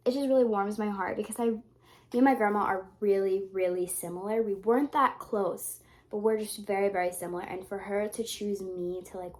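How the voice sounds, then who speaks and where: A woman's voice: medium pitch, darkish tone. A young woman vlogging in a rambling, casual way, swearing freely and getting emotional. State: tearful at times. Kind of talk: casual vlog talk.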